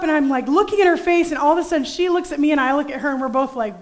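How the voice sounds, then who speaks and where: A young woman preaching a sermon, telling a story from her own family life in a lively, animated way and acting out the voices in it. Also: sits high, rapid-fire. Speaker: pastor.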